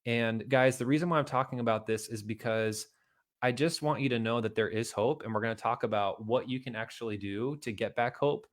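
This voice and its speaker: A middle-aged man talks straight to his viewers in a motivational style. He is earnest and repeats his points, then pushes them home with emphatic bursts. His voice sits in an ordinary middle pitch. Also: a little fast. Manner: earnest, repeats himself, builds to emphatic outbursts. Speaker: motivational video host. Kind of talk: motivational talk to camera.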